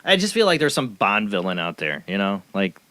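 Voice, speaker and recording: A male radio host bantering on a call-in show, his pitch bouncing lively up and down as he jokes and laughs. He trails off mid-sentence and picks the thread back up. The mic sound is dry and close. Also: fairly quick, dry recording.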